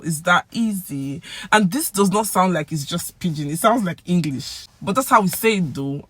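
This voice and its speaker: A woman with a Nigerian accent giving a casual language lesson, acting out example phrases with lively swings in pitch and loudness. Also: fairly quick. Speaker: language teacher.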